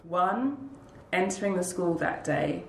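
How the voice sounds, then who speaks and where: A woman being interviewed tells her own story in an earnest, heartfelt way, slipping into the voices of the people she quotes. Her voice sits a little low for a woman. The room around her gives an echo. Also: lively intonation, takes it slowly, creaky, a little hiss or hum. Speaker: interview guest, school leader. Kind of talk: personal storytelling. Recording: roomy echo.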